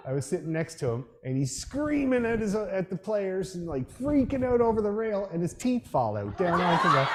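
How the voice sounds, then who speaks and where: A middle-aged man leading a fiddle rehearsal and telling a story in a chatty, dryly humorous way, breaking into loud imitations of the people he quotes. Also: sits high, noisy background. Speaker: orchestra leader.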